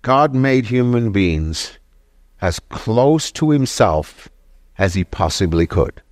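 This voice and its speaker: A pastor with a lowish, expressive voice preaches slowly and emphatically, firing rhetorical questions at his listeners and often restarting and correcting himself mid-phrase. The recording is dry and studio quality.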